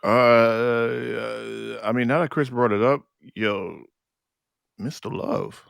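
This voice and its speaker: A man co-hosting a podcast, relaxed and slangy, often searching for words in casual chat. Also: mid-range voice, slow, vocal fry, no room sound, studio quality. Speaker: podcast co-host.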